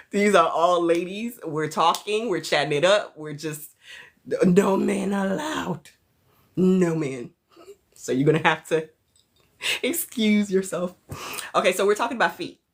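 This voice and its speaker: Woman doing a chill livestream chat, lowish voice, giggles a lot, shouts out viewers. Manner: chatty, laughs often, thanks viewers mid-sentence. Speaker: livestream host.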